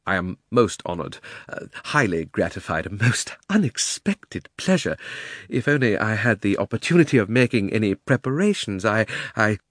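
A man's voice: on the low side, very animated, moderate pace, fairly bright tone, no echo, clean studio sound. A man voicing a nervous old male magician who stammers and grovels with over-polite phrases in a storybook reading. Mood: flustered. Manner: stammering, flustered, overly polite.

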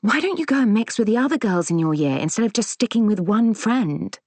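A woman voicing a high-energy mother nagging her shy daughter, in a raised, insistent voice. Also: expressive, a little fast, darkish tone, no echo. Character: pushy, high-energy middle-aged mother.

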